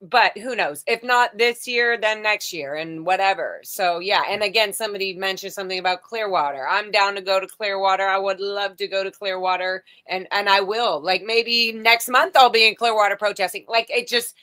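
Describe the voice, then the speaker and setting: Chatty woman host on a video call, bright tone, rambling with lots of fillers. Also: medium pitch, moderate pace, hardly any pauses. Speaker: livestream host. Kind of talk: casual video chat.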